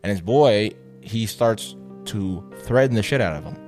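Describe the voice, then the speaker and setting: A young man co-hosting a casual podcast, telling a story in slangy, animated talk and acting out quotes. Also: fairly low pitch, normal speed, faint music behind. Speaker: podcast co-host.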